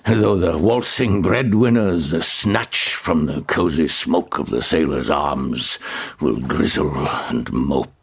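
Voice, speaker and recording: An older man narrating a radio drama in a lilting, playful and richly expressive way. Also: a bass voice, takes it slowly, creaky, breathy edge.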